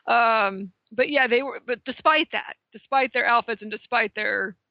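A woman with a fairly high voice talks in casual podcast chat, candid and free with swear words. The sound is dry and close, with no room around her. The recording itself is dull and lo-fi. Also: normal speed, no echo. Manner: candid, swears freely, laughs while talking.

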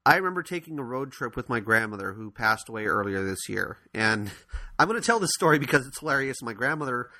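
A man co-hosting a podcast, casually telling a funny family story in an animated way, with frequent laughs. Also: medium pitch, fast, no room sound. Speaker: podcast co-host.

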